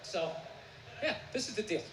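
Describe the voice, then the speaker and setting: Brief male stand-up comic, shouty profane rant, live room with audible crowd noise. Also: high voice, expressive, normal speed. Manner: ranting, profane, bursts into shouting. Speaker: stand-up comedian. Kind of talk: stand-up routine. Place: theater stage. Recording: roomy live venue with audience noise.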